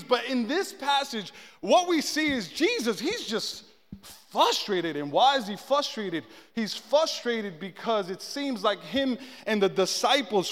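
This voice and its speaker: A man preaching a casual, comedic sermon in a church, telling stories and acting out what people say. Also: extremely high pitch. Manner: animated storytelling, acts out quotes. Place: church sanctuary. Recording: long echo of a large hall.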